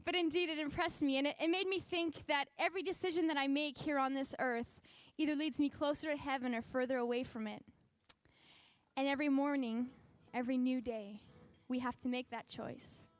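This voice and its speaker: Woman, high voice, animated storytelling, dry close sound. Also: a little fast, dry recording. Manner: animated storytelling, acting out quotes. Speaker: speaker at a faith convention. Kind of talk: personal testimony talk.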